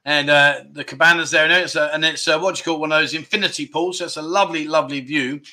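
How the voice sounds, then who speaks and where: A man's voice: fairly high pitch, steady tone, fast talker, bright, forceful tone. A man hosting a casual livestream, reading out viewer guesses and teasing the chat in a jokey way. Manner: jokey, banters with chat, lots of mate and no. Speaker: livestream host.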